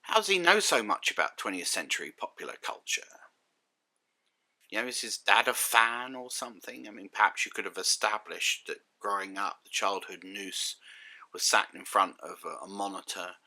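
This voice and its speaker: A man's voice: lowish voice, lively intonation, normal speed, sharp tone. A man giving a sardonic, exasperated spoken review, full of rhetorical questions. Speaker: critic and reviewer.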